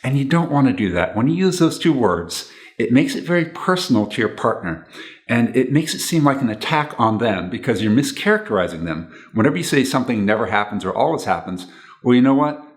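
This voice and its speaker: A man's voice: mid-range voice, big pitch swings, fairly quick. Earnest man giving relationship advice. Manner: earnest, repeats key points, acts out example phrases. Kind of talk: instructional talk to camera.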